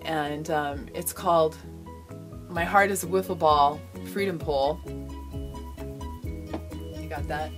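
Amused low-voiced middle-aged woman. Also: fairly even intonation, takes it slowly, long pauses, over music. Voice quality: amused, chatty, laughing asides. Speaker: parent reading aloud for her daughter. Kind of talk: casual home recording.

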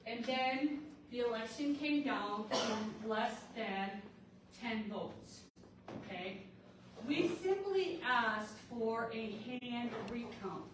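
A woman's voice: fairly high pitch, animated, slow pace. A woman giving an emphatic public speech at a community center, repeatedly checking in with "okay?". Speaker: community organizer speaking at a candidate forum. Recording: echoey hall, distant mic, noisy.

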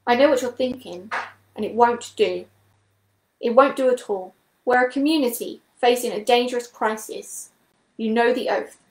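A woman's voice: on the high side, normal speed, reverberant, natural voice, poor audio. A woman voicing a kindly, worried older male badger who leads the animals in a storybook reading. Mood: stern. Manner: calm and kindly. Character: kind, worried elderly male badger leader.

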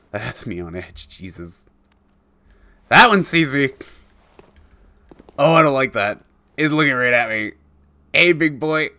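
A man's voice: medium pitch, sharp tone, dry recording. A man giving casual commentary while playing a video game, chatting to the creatures on screen and chuckling often. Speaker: let's play gamer.

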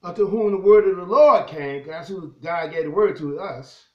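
A man's voice: high-pitched, normal speed, roomy sound, dull audio. A man preaching a sermon, reading scripture aloud and talking straight to his listeners. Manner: animated preaching, reads scripture aloud, keeps addressing the crowd as "y'all".

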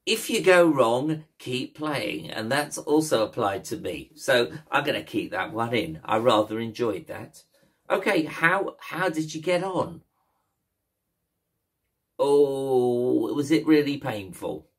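Talking the class through chords and strumming, this ukulele teacher keeps things jokey, cheeky and playful. He has a medium-pitched, animated voice and a slightly slow pace in his casual instruction.

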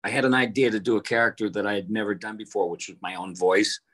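Older man, low voice, relaxed storytelling, video-call interview. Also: fast talker. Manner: relaxed, anecdotal, acts out voices. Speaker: voice actor guest. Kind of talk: casual interview answers.

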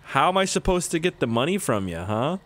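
A man's voice: on the high side, big pitch swings, brisk, fairly bright tone, slight background noise. A young man from Canada giving joking, self-mocking commentary while playing a game. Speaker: gaming YouTuber. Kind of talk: let's play commentary.

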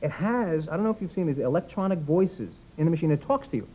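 Talking quickly with lively intonation, a slightly high-voiced man guests on a talk show as a comedian. He rambles and jokes at his own expense, slipping into small impersonations. The recording is muffled, with a little background noise.

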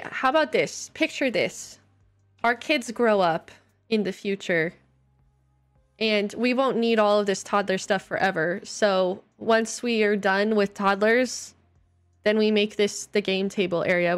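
Playful woman streamer chatting with viewers. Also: mid-range voice. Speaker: livestreamer. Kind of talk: casual live-stream chat while playing. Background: faint game music.

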